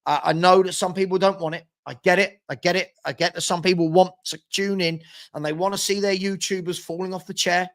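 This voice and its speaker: A man's voice: sits high, steady tone, a little fast, fairly bright tone. A young man chatting casually as host of a live football watchalong, reading out and answering viewer comments. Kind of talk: casual live-stream chat.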